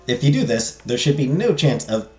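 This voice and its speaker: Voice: medium pitch, big pitch swings, normal speed, darkish tone, soft background music. A game streamer reading game text aloud and making joking, self-mocking asides while playing. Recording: roomy echo.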